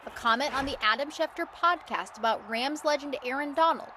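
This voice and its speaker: High bright lady reading a sports feature, faint room noise. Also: fairly quick. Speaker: reporter. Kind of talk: scripted narration.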